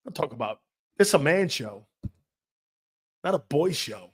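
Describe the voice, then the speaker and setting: Male sports radio host with a slightly high voice, blunt, profane, mocking. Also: big pitch swings, unhurried, pauses often, husky. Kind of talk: sports talk show rant.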